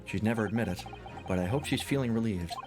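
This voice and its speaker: A man streaming a story game, reading the lead's lines and narration in a measured, plain way. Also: fairly low pitch, over music. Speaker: streamer voicing a game's story.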